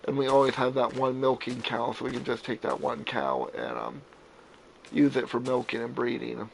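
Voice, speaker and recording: Man, Florida-born, Arizona-raised gamer, animated and profane storyteller, faint background hiss. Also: medium pitch, normal speed, gravelly, rough recording. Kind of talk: casual chat while playing.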